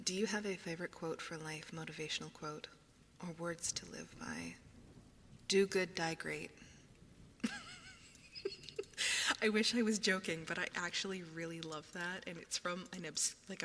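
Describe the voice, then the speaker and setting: Chatty woman streamer, low soft voice. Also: in a large hall, slight background noise. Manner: chatty, often dropping into a soft whisper. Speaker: ASMR streamer. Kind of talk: casual chat with viewers on stream. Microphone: binaural ASMR microphone.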